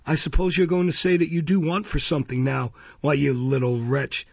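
A man voicing a fawning, sly woman who runs a baby farm, servile to her superiors and sharp with the children. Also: on the high side, little pitch movement, brisk, creaky, husky, no room sound. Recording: dull, dry lo-fi recording.

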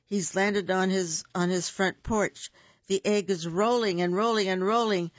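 Slow sing-song storybook reader. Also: mid-range voice, fairly even intonation, no echo, dull audio. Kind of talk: children's picture book read-aloud.

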